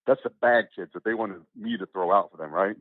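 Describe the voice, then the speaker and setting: A man telling a long story in casual chat, rambling and animated, with many restarts and acted-out quotes. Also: fairly low pitch, a little fast, dry recording. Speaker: interview guest. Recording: tinny phone-like line, dry.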